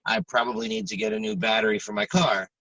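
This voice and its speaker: A podcast co-host in casual chat, talking frankly and swearing freely with halting restarts, audibly stressed and upset. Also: male voice, on the low side, big pitch swings, gravelly, pushed and bright, dry recording, far from the mic, highs cut off.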